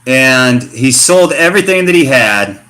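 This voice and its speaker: Middle-aged American man, slangy storyteller on a vlog, bright forceful voice. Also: mid-range voice, measured pace. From United States. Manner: slangy, animated storytelling with fillers. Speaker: vlogger. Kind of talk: casual rambling vlog talk.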